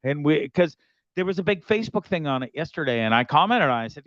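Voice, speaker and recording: Brief: male host, slightly high voice, rambly and sweary sponsor reads, dry dull sound. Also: lively intonation, fast talker, a bit bright, dry recording. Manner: rambling, profane, jokey, restless. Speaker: show host. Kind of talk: casual show monologue with sponsor reads.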